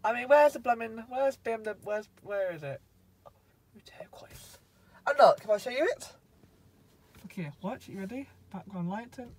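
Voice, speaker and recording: Sitting inside a car, a man reviews it in a casual vlog, chatting and rambling and often cutting himself off mid-sentence. His voice sits high with lively intonation at normal speed, but the audio is poor.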